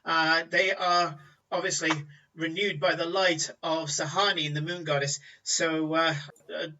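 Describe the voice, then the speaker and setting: Halfling market woman, apologetic pitch, bright tone, played by a man, distant muffled sound. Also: level tone, measured pace, slight background noise. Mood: selling. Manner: apologetic sales patter.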